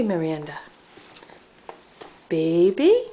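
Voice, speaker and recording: Woman, parent at home, unhurried playful questioning, bouncy pitch, gravelly edge, camcorder sound. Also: sing-song, a little mellow, slight background noise. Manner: playful, sing-song questioning. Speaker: parent filming a toddler. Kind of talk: home video chat with a toddler.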